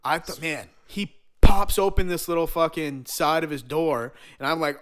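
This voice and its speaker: A man's voice: a little high, normal speed, hardly any pauses, clean tone. Profane, rambling storytelling man. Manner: rambling, profane, animated storyteller full of slang. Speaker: podcast guest telling a road-trip story. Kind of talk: casual storytelling chat.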